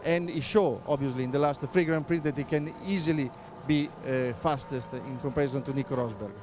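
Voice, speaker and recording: A middle-aged man with an Italian accent, a native Italian speaker answering interview questions as a motorsport pundit, pausing often on filler sounds and restarting his phrases. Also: medium pitch, noisy background. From Italy. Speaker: motorsport pundit, former racing driver.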